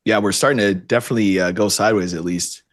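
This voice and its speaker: A man's voice: fairly low pitch, fairly even intonation, fast. A man with a Chicago accent co-hosting a live trading stream, joking in easygoing banter while he watches the market. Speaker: co-host, futures trader. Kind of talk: casual live-stream chat.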